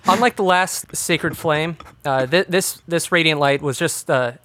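A man runs a tabletop game as dungeon master, narrating each blow in a fairly high voice. He talks in bursts and stops to restart his phrases as he goes. The sound is close and dry. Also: a bit bright, dry recording. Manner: descriptive, halting with restarts.

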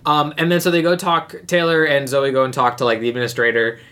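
A man's voice: medium pitch, flat delivery, quick pace, bright, forceful tone. A young man co-hosting a podcast, casually recapping a movie, rambling and joking and acting out characters' lines. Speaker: podcast co-host.

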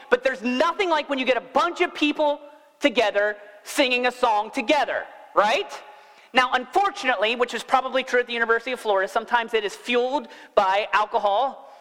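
A high-pitched man delivers a sermon to his congregation and keeps it chatty, asking them questions as he goes. His voice carries through a church hall that has a long reverb. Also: fairly bright tone. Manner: conversational, asks the congregation questions. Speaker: pastor.

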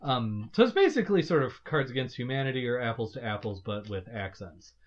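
Man, podcast host, mid pitch, mock-formal, lo-fi sound. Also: animated, brisk. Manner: mock-formal, addresses "gentle listener". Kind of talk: casual chat.

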